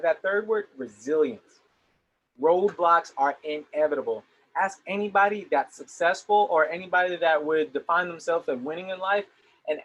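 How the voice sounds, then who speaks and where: An earnest young man gives a motivational talk to a young audience. His voice sits fairly high, and he often repeats words as he starts a sentence. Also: poor audio. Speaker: motivational speaker.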